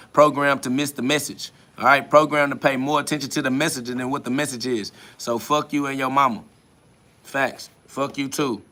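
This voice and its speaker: A man's voice: mid-range voice, pushed and bright. A man hosting a podcast, answering listener comments in a profane, mocking spiritual rant.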